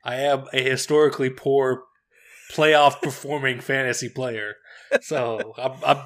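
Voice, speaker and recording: A young man co-hosting a football podcast in casual chat, relaxed and measured. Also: medium pitch. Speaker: podcast co-host.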